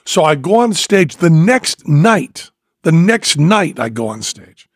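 A man's voice: on the high side, big pitch swings, takes it slowly, no room sound, clean studio sound. An older man with a sore throat, telling a story in casual chat and acting out the other people's lines. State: sore throat after a procedure. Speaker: podcast host.

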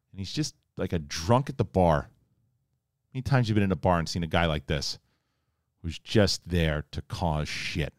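A low-voiced man walks through a show in a casual spoiler review. He rambles and jokes, dropping into quick impressions of the characters' lines. The sound is close and dry, with no room around it. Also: no room sound. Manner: animated, acts out characters' lines in a joking voice; rambling, conversational, mild swearing.

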